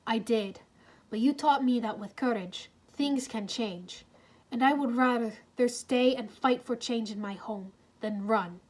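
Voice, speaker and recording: A brave, earnest young woman who talks slowly and solemnly, as a narrator puts her on. Her lines come measured and heartfelt in this storybook reading. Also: a little high, darkish tone.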